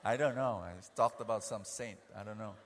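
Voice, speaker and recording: A man preaching a sermon, animated, acting out scenes and often restarting his sentences. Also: fairly low pitch, brisk, in a large hall, slight background noise.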